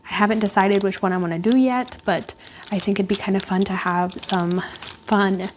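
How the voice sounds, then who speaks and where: A woman's voice: mid-range voice, fairly even intonation, normal speed, slight background noise. A woman vlogging at home indoors, chatting in a rambling, casual way with lots of fillers. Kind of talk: casual chat. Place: at home indoors by a glass door.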